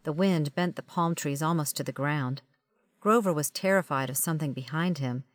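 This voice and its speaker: A woman's voice: deep voice, normal speed, no room sound. A woman reading a first-person audiobook in a wry, conversational storytelling manner. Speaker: audiobook narrator.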